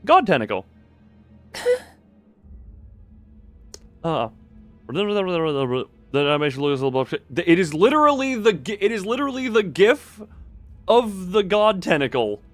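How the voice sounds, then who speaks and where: A man live-streaming a story game, chatting animatedly with frequent laughs and reading the game's text aloud in a lowered, dramatic tone. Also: big pitch swings, unhurried, pauses often, a bit bright, faint music behind.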